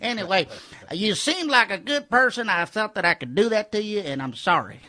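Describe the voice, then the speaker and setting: A folksy Southern superfan rambles through an earnest, blunt apology, as a comedian acts him out. The voice is pitched a bit high for a man. He speaks with a raised, eager push. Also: animated, a little fast, bright, forceful tone. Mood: apologetic.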